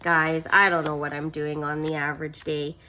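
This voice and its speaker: A woman's voice: deep voice, flat delivery, moderate pace, noisy background. A young adult woman vlogger telling a story in a chatty, self-mocking way while she decorates a planner, laughing often and filling with "like" and "um".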